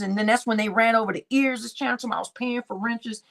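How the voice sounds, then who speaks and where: A livestream host rambles casually through a story, performing the quoted dialogue herself. Her voice is a little high and a bit bright, and she talks fairly fast with hardly any pauses.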